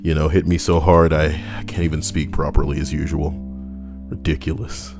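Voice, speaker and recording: Over music, this young channel host speaks in a rumbling, gravelly low voice with flat delivery at normal speed. His casual commentary wanders, full of cursing and jokes, and sometimes he talks back to himself.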